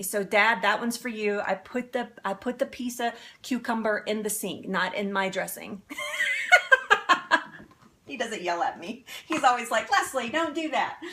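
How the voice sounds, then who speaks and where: A woman's voice: a little high, fairly bright tone. A woman hosting a live cooking demonstration in her home kitchen, chatty and upbeat, laughing often. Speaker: cooking show host.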